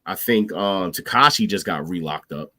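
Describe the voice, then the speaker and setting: Male podcast host, a bit sick and wheezy, lower voice, slangy and laid-back. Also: normal speed, bright, forceful tone, no echo. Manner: laid-back, slangy, lots of "you know what I'm saying". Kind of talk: casual podcast chat.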